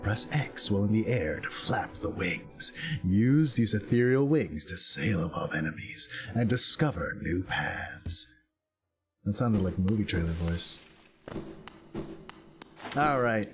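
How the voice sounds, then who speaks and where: A young man giving casual, jokey commentary while streaming a game from his room, with sudden excited yelps and laughs. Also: on the low side, a little slow. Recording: game music behind.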